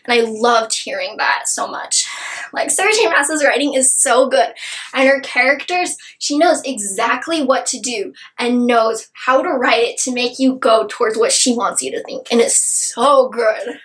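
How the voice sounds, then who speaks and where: A woman's voice: a little high, normal speed, a bit bright. A young woman gushing about a book in a casual review chat, her sentences full of "like". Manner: gushing, filler-heavy with many "like"s.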